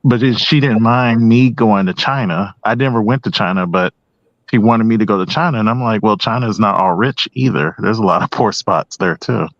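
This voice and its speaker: A man speaking as a guest on a panel discussion, hesitant with many pauses and restarts. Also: lowish voice, dry recording, lo-fi sound.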